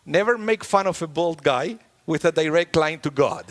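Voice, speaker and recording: A man giving a sermon as a rabbi, talking in a conversational, lively way with playful humor. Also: fairly high pitch, normal speed. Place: synagogue sanctuary. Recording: long hall reverb in a large sanctuary.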